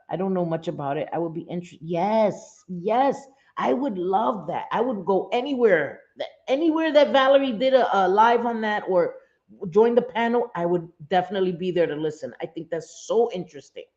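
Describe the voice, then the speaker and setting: A woman's voice: lowish voice, expressive, normal speed, darkish tone, muffled recording. A woman hosting a casual livestream, talking straight to her viewers, often repeating herself and saying "um". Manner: repeats phrases, many "um" fillers, speaks straight to viewers. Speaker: livestream host.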